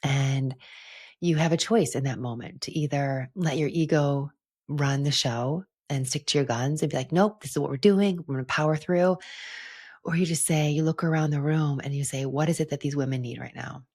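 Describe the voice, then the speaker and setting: A young woman talks alone into her podcast mic in a low, husky voice. She is earnest and heartfelt, and she fills her sentences with casual "like"s as she reflects. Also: fairly even intonation, moderate pace, a little mellow. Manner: earnest, heartfelt, with frequent "like" fillers. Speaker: podcast host and retreat leader. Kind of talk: reflective solo podcast monologue.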